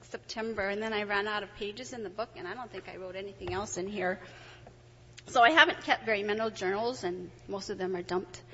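A middle-aged woman telling a personal story to an audience, animated and excitable, laughing often. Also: mid-range voice, husky. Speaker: testimony speaker. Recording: dull, reverberant hall recording.

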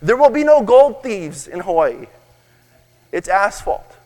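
A man's voice: high-pitched, sing-song, slow, darkish tone. A man preaching a sermon as pastor, telling jokes and asking the crowd questions. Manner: storytelling, joking, asks the crowd questions. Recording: echoey hall.

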